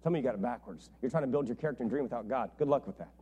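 A man's voice: mid-range voice, rapid-fire, warm tone, husky. A male pastor preaching a sermon in a conversational way, repeating his key points for emphasis.

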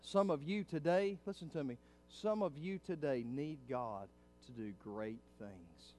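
Man preaching with rising loud climaxes. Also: fairly high pitch, measured pace, faint music behind. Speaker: pastor. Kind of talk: sermon. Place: church.

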